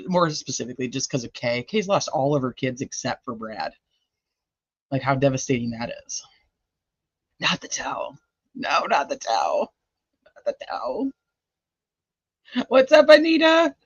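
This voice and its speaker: A woman's voice: low voice, dry recording, lo-fi sound. A woman hosting a casual true crime livestream, joking, teasing and swearing as she reads viewer comments, laughing often.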